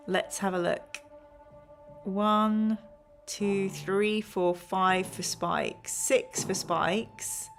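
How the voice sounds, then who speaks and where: A woman hosting a live gamebook play-through, reading passages aloud and counting the chat's votes in a chatty way. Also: medium pitch. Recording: faint music behind.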